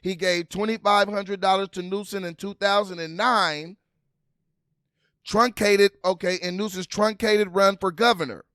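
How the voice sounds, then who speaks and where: High bright-voiced man, casual commentary. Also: unhurried, clean tone, no echo, studio quality. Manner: animated, laughing, talks to viewers as "you guys"; reads news aloud while scrolling. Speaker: political commentary vlogger.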